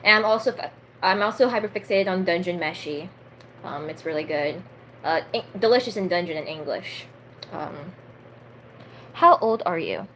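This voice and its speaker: A woman's voice: on the low side, moderate pace, long pauses, a bit bright, slight background noise, low-quality recording. A twenty-year-old woman chatting casually on a live stream and reading a book aloud, full of fillers and stumbling over unfamiliar words.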